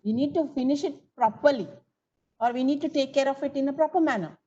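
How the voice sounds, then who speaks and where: A woman's voice: high voice, fast talker, dark tone, muffled recording. A woman teaching grammar in an online coaching class, coaxing students for answers and calling on them by name. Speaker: English teacher.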